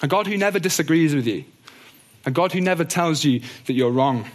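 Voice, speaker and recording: Earnest, gentle man teaching the Bible. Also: fairly high pitch, expressive, a little fast. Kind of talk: teaching talk on doctrine.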